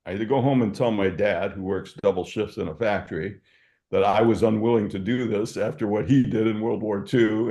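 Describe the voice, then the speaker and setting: This older man from Michigan, USA, is an entrepreneur being interviewed, and he tells reflective, anecdotal stories sprinkled with fillers. He speaks in a mellow, lowish voice.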